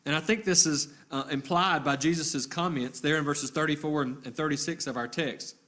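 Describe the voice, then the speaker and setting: A man with a somewhat high voice preaches a sermon. His teaching is measured and methodical, and he reads scripture passages aloud. Now and then he stops to restart a phrase. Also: fairly even intonation, bright, forceful tone. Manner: occasional hesitant restarts.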